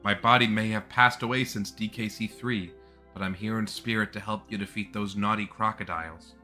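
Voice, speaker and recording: A man doing a gentle old ghost ape woman. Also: on the low side, steady tone, brisk, faint music behind. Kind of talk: reading game dialogue aloud.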